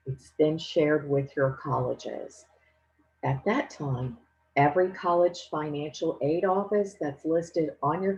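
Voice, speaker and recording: Woman, low voice, financial aid presenter, clear, step-by-step, instructional. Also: a little mellow, lo-fi sound. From Louisiana.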